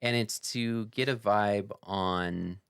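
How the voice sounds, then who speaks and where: Deep-voiced male player, smooth tone. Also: steady tone, slow pace, fairly bright tone, dry recording. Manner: hesitant, self-correcting. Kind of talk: tabletop game play.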